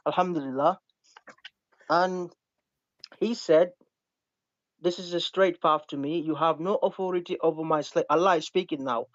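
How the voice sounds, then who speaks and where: Calm male debater on a dull line. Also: a little high, moderate pace, long pauses. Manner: calm, keeps asking to finish, reads verses aloud. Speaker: debate guest. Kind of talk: live online debate.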